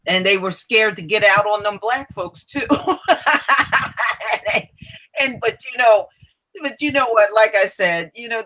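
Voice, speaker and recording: A chatty discussion host with a bright, forceful voice and an easy laugh. The host keeps the talk moving and brings in each guest in turn. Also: mid-range voice, poor audio. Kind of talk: casual online discussion.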